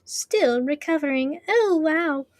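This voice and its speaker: Woman streamer, high voice, dry close sound; rambling chat between reading, lots of restarts. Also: expressive, slow pace, no room sound. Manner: chatty and rambling, laughs often, many restarts. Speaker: audiobook reader and streamer.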